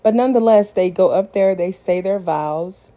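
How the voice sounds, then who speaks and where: A woman's voice: mid-range voice, normal speed, warm tone. A woman hosting a podcast, recapping a reality show in a candid, opinionated, casual way. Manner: opinionated, candid, retells scenes in detail. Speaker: podcast host.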